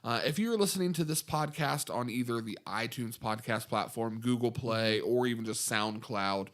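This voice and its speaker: A man's voice: medium pitch, normal speed, a bit bright. A young man chats through a casual podcast as co-host. He rambles, restarts his sentences and pokes fun at his own mistakes, in a mid-range voice. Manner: rambling, restarts and fillers, self-deprecating.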